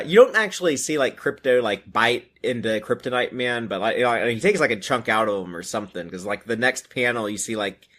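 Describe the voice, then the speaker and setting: A man's voice: mid-range voice, a bit bright. Male podcast co-host, mid-range voice, hesitant and filler-heavy. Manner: halting, many fillers and "like". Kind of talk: casual chat about comics.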